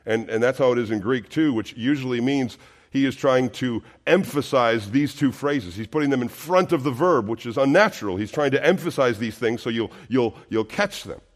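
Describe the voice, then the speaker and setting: A man's voice: medium pitch, expressive, moderate pace. A male pastor preaching a sermon, earnest and emphatic, full of rhetorical questions.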